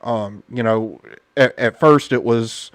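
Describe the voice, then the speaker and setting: This podcast host, a U.S. dad, chats casually about politics in a blunt, indignant way, scattering fillers throughout. He has a medium-pitched voice and speaks slowly. The sound is clean studio audio with no echo.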